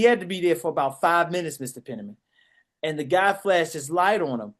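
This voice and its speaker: Animated man. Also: on the high side, fairly quick. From Washington, DC. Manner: animated, acts out voices and shouts. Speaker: podcast co-host. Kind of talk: casual storytelling.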